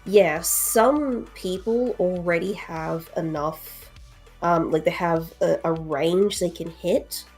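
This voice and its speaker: A woman's voice: lowish voice, slow, darkish tone, soft background music. A woman co-hosting a casual livestream chat, blunt and matter-of-fact.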